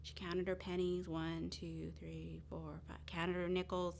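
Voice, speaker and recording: A woman telling a Bible story to young children at chapel, expressive and sometimes dropping to a hush. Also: lowish voice, measured pace, creaky, a little hiss or hum. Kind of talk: children's story and short sermon.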